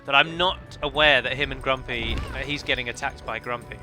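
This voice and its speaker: A let's play commentator breaks down his own multiplayer strategy match, talkative and analytical, correcting himself as he goes. His medium-pitched voice is brisk, bright and forceful, and faint music sits in the background.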